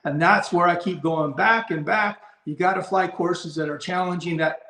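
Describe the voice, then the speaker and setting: A man's voice: sits high, normal speed, bright, forceful tone, reverberant. A man who breeds and handles racing pigeons, talking in a rambling, blunt way, restarting his sentences, in a casual live discussion.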